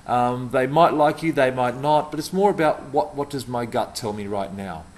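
A man's voice: medium pitch, normal speed, darkish tone. A middle-aged man giving a punchy, emphatic talk to camera about customer service, repeating words for stress.

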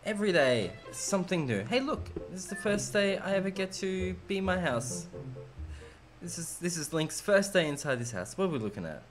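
A man's voice: high voice, very animated, normal speed. A man streaming a video game, giving casual, joking commentary and talking back to the characters. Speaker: let's play streamer. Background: game music.

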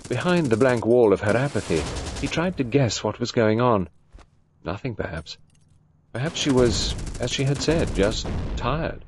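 Low-voiced man reading expressively. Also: expressive, a little slow, long pauses, background noise. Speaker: audiobook narrator. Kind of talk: scripted narration.

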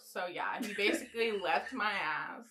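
A young adult woman chats while she does her makeup for a get-ready-with-me video. Her voice is bright and pushes forward, and she rambles bluntly with casual swearing. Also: medium pitch, a little slow, a little hiss or hum, poor audio. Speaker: beauty vlogger.

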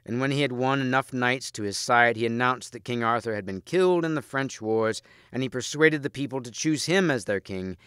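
A man reading a storybook aloud in a measured, steady way, close to the mic. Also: medium pitch, smooth, no room sound. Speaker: audiobook reader.

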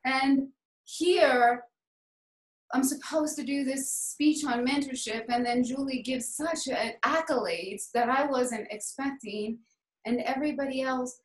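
A woman's voice: high voice, a little slow, reverberant, rough recording. A woman from the American South with a mostly hidden Southern accent, giving a heartfelt, rambling personal speech at a club meeting. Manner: heartfelt, rambling, says y'all. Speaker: club speaker.

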